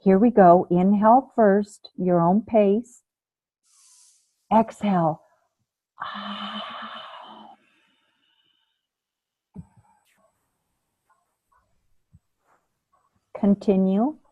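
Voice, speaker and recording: A woman teaching a breathing class over a video call, calm and patient, demonstrating the breaths aloud. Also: medium pitch, takes it slowly, no room sound. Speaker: ayurveda and yoga teacher. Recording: phone-like, narrow band.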